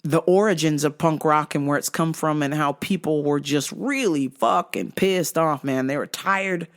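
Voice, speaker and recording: A woman's voice: low voice, moderate pace. A woman hosting a podcast, telling a casual story monologue full of swearing, with mimicked sounds and quoted outbursts. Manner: profane, animated, mimics sounds. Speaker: podcast host.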